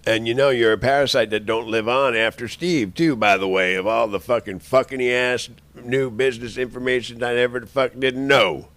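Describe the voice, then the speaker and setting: A man's voice: medium pitch, steady tone, normal speed, few pauses, fairly bright tone, no room sound. A man in an angry, rambling monologue, cursing and making threats at the people he addresses.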